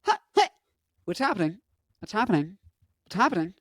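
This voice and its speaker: A young man voicing a confused, elderly grandmother who has stopped taking her pills, in a shrill, warbling falsetto. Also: wildly swooping pitch, a little fast, a bit bright, no room sound, studio quality, exaggerated voice. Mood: bewildered.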